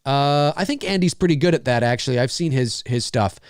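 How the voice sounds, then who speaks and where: A man's voice: medium pitch, brisk, clear, resonant tone, dry recording, clean studio sound. A middle-aged man and voice actor hosting a casual livestream, rambling with lots of fillers as he reads viewer messages. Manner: rambling, many fillers and restarts.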